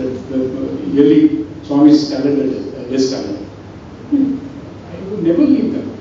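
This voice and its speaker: A man's voice: fairly high pitch, warm tone. A man giving a talk of personal stories, acting out the dialogue as he tells them. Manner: storytelling that acts out quoted dialogue. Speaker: invited speaker. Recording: distant, dull, very echoey hall with faint noise.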